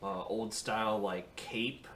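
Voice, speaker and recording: A male player slowly describing his character at a tabletop fantasy game. His voice is low and flat, halting with many fillers, and a faint background ambience sits behind him. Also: a little hiss or hum. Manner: slow, halting, filler-heavy.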